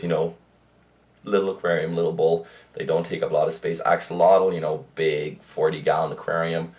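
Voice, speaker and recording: A young man from Germany talking casually to camera in a rambling pet update, with frequent fillers and restarts. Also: rumbling low. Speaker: pet vlogger. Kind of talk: casual monthly update vlog.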